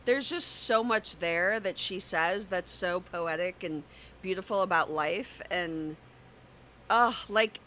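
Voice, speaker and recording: A woman's voice: lowish voice, takes it slowly, a bit bright, slight background noise. A woman guest on a podcast, chatting casually and effusively. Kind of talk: casual chat.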